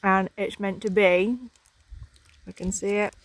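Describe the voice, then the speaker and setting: A woman's voice: mid-range voice, level tone, unhurried, no room sound. A woman chatting casually for a travel vlog outdoors, with many hesitations and ums. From England. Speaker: vlogger. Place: outdoors in hills.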